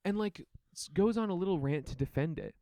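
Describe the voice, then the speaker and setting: Animated storytelling man, dry sound. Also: a little fast, no echo. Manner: animated, laughing, acts out quotes with big pitch jumps. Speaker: podcast co-host. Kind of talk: casual chat, storytelling.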